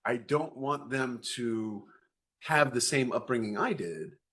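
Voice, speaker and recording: A man's voice: mid-range voice, slow pace. Man telling family stories in an interview. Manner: animated storyteller, acts out dialogue. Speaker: guest parent. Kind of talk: conversational interview storytelling.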